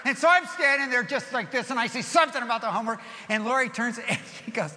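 A middle-aged male pastor preaching with a high, bright voice. He tells his stories with animation, dropping soft and then rising loud. The long reverb of a big hall trails every phrase. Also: expressive, fast, hardly any pauses. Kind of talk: sermon.

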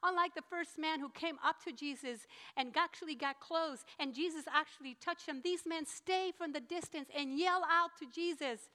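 A woman preaching a sermon, telling the story in an animated, emphatic way. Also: sits high, normal speed.

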